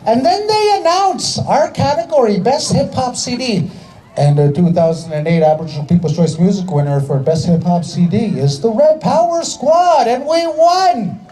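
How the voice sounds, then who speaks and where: A man's voice: very high voice, mellow, slight background noise, poor audio. A man telling a comedy story on an outdoor stage, chatty and hyping up the crowd, often adding "eh". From Canada. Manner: chatty, tags lines with "eh", hypes the crowd. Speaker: stand-up comedian and rapper. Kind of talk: stand-up storytelling.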